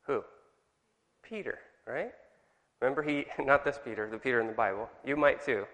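Bright-voiced Californian man leading a study. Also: mid-range voice, moderate pace, big-room sound. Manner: chatty, asks the group questions. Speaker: Bible study leader. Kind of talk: teaching a church study group.

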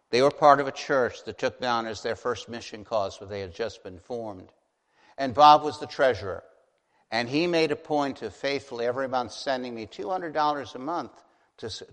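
A man's voice: medium pitch, animated. Earnest male pastor in a reverberant hall. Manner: earnest, pastoral, slows down to stress key phrases. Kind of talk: sermon.

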